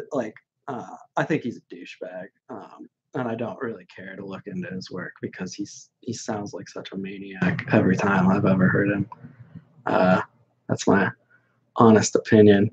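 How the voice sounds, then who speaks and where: Host type: lower-voiced man with a husky tone, casual livestream chat, blunt and dismissive, dull lo-fi recording. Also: darkish tone. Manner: blunt, dismissive, rambling with many fillers. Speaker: host answering viewer questions.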